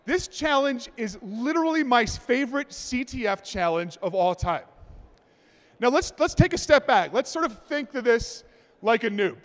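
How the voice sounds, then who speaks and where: A man giving a conference talk, telling jokes and acting out stories in an animated way. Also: very high voice, normal speed. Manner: animated, joking storyteller. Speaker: conference presenter. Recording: long hall reverb.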